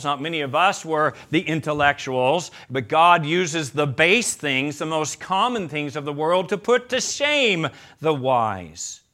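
A male pastor preaching an emphatic sermon, calling his listeners beloved and swinging from loud declarations to hushed appeals. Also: fairly high pitch.

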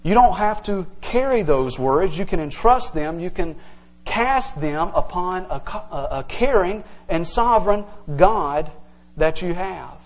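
A man's voice: high-pitched, animated, a little slow, poor audio. A male pastor preaching an earnest, emphatic evening sermon to his congregation, teaching verse by verse.

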